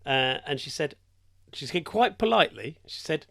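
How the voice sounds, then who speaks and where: A man's voice: on the high side, big pitch swings, moderate pace, gravelly, a bit bright. An older man, a hospital radio presenter telling a story in casual chat and laughing often. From England. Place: radio studio.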